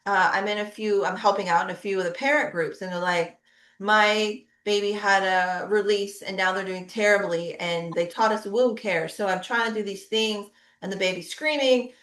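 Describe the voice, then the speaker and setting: A woman's voice: medium pitch, steady tone, moderate pace, fairly bright tone, echoey room. A middle-aged woman, a pediatric physical therapist, giving a conversational webinar talk with frequent tag questions. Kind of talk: webinar presentation.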